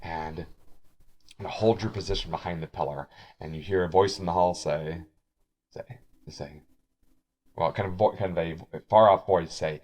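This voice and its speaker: A man's voice: deep voice, normal speed, long pauses, darkish tone. Man narrating as game master. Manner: rambling, many restarts and fillers.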